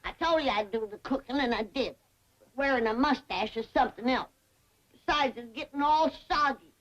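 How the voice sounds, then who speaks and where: An older actress playing a stubborn backwoods granny in a 1960s sitcom, scolding in an Ozarks drawl. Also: female voice, high voice, normal speed, natural voice. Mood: grumbling. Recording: noisy old TV soundtrack.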